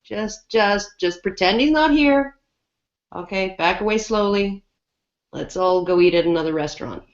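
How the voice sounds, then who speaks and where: A woman's voice: mid-range voice, moderate pace, dull audio. A woman co-hosting a casual podcast chat, talking loosely with many restarts and fillers. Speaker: podcast co-host.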